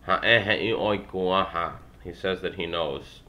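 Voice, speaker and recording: A young man reading a language textbook aloud, working through phrases with halting restarts and wry asides. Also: low voice, bright, forceful tone. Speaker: language learner vlogger.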